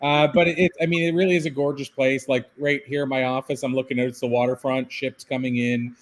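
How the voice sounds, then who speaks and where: A man's voice: medium pitch, level tone, quick pace. Man from Canada, author guest, casual and self-mocking, rambles a little. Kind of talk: podcast interview. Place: office by a waterfront.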